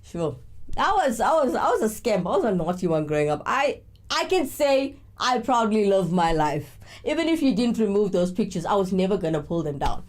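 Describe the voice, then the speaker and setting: A woman's voice: mid-range voice, very animated, normal speed, darkish tone. A woman hosting a live morning show, talking in a chatty, reflective way with frequent fillers. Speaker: host. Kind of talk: casual morning show chat.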